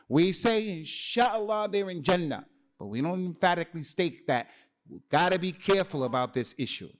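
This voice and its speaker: A man giving an Islamic lecture to a congregation in a mosque hall, speaking emphatically, repeating phrases for stress and mixing in Arabic terms. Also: on the high side. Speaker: preacher. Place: mosque hall with men's and women's sides.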